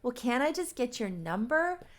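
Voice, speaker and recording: A woman's voice: a little high, sing-song, moderate pace, voice pushed up. Woman doing a cheery clueless young guy. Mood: friendly.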